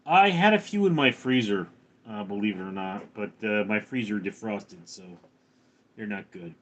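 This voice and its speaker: A man's voice: on the low side, animated, normal speed. A man hosting a casual livestream, reading viewer comments aloud and answering with jokes. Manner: jokey, answers chat in put-on voices. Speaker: livestream host.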